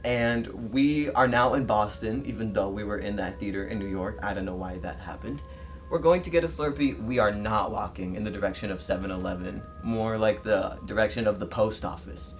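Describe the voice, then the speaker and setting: A man telling the story of a dream in a casual way, acting out his own quoted lines with lively jumps in voice. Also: lowish voice, moderate pace, soft background music. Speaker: interviewee recounting a dream.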